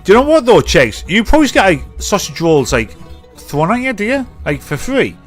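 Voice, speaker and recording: A man's voice: high voice, big pitch swings, fairly quick, soft background music. Sweary man ranting. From North East England. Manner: sweary, loud and mocking. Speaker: livestream host. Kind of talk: casual chat reacting to clips.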